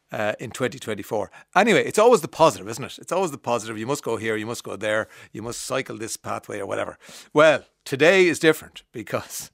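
Irish man, radio host, chatty and wry, middle pitch, dry close studio sound. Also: gravelly, a bit bright, no room sound. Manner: chatty, wry, musing with frequent "uh"s and self-amused asides. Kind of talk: casual radio monologue. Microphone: studio microphone.

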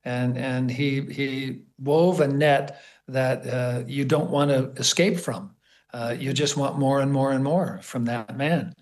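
A man from the United States, a guest sharing memories in an interview, enthusiastic and halting, often repeating words. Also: medium pitch, steady tone, a little mellow. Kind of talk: conversational storytelling.

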